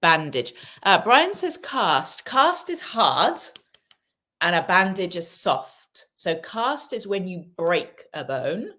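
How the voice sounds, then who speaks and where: A woman's voice: fairly low pitch, sing-song, slow pace, pushed and bright. A woman teaching English on a live stream, asking viewers questions, reading out their comments and modelling pronunciation. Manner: reads viewer comments aloud and praises answers; asks the audience questions and stresses pronunciation.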